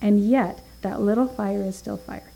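A woman's voice: medium pitch, fairly even intonation, normal speed, gravelly, dark tone, poor audio. A woman teaching a Bible study, earnest, reading scripture aloud with emphasis and thinking aloud with small fillers and restarts.

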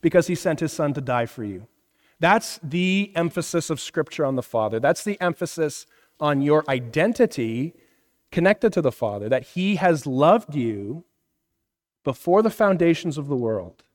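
This pastor in his thirties has a voice on the high side and is very animated, speaking at a moderate pace. In a reverberant hall, he leads an interactive sermon, questioning the congregation and repeatedly asking "right?".

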